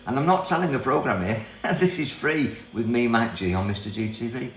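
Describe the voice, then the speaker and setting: A man's voice: medium pitch, brisk. An older man from Britain hosting a casual self-help livestream, chatty and rambling, reading viewer comments aloud and laughing often. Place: property in Thailand. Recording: echoey room with mains hum.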